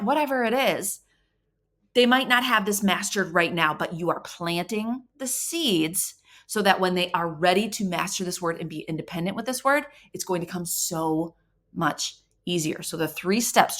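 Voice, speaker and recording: A woman reading coach explaining to parents how to help children read, upbeat and encouraging, sounding out syllables slowly and clearly. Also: on the low side, fairly bright tone. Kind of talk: instructional talk to parents.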